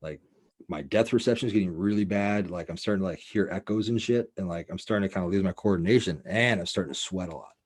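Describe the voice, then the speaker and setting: Speaking fast in a deep voice, this man hosts a show and casually spins a rambling, profane story packed with fillers.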